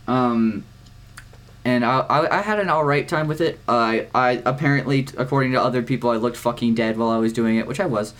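A teenage boy co-hosting a podcast, rambling through his week in casual chat, swearing often and filling pauses with "um" and "like.". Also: medium pitch, fairly bright tone. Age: teens. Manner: rambling, swears a lot, many fillers. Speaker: podcast co-host.

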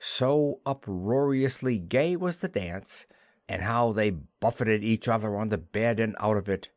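A man narrating a classic children's storybook in an expressive, unhurried way. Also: on the low side, dry recording, clean studio sound. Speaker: audiobook narrator.

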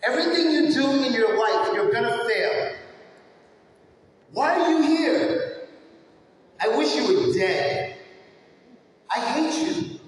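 Man playing a cold abusive stepfather, slow contemptuous jabs, high-pitched, booming in a big hall. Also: a little hiss or hum, heavily acted. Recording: echoey hall, far from mic.

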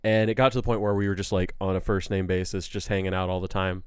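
A man's voice: low voice, little pitch movement, fast, smooth, no room sound, clean studio sound. A man in casual chat, telling profane, joking stories about work.

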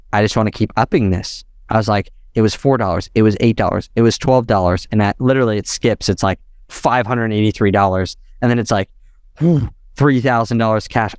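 A young adult man telling a long personal story as a podcast guest, animated and quick, peppered with "like" and "literally". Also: fairly low pitch, clear, resonant tone, no room sound, studio quality. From United States. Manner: animated, fast-talking, heavy use of "like" and "literally".

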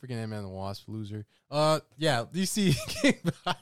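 A man's voice: medium pitch, very animated, normal speed, clear, resonant tone, no room sound. Guy rambling about a movie, crude and loose, dry close sound. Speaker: podcast co-host. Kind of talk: casual chat.

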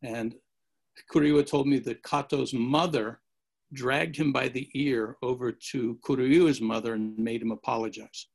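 A man's voice: mid-range voice, steady tone, measured pace, creaky, breathy edge. A man telling rambling martial arts anecdotes in a casual chat, acting out the quotes. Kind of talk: casual storytelling.

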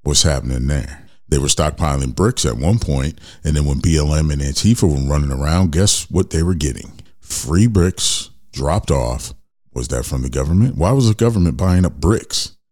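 A man's voice: a bass voice, a little fast, few pauses, darkish tone. A man hosting an opinion talk show, speaking bluntly and ranting straight to his listeners. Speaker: podcast host.

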